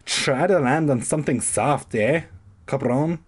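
A man's voice: medium pitch, a little slow, breathy edge, voice pushed up. A man voicing a joking male pilot in a put-on accent, teasing and mock-grim.

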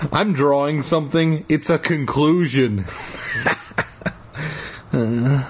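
A man's voice: mid-range voice, breathy edge. A man reading a children's book aloud in a casual way, breaking off for irreverent, profane jokes. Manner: irreverent, profane, jokey commentary. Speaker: amateur audiobook reader. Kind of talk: casual read-aloud with joking asides.

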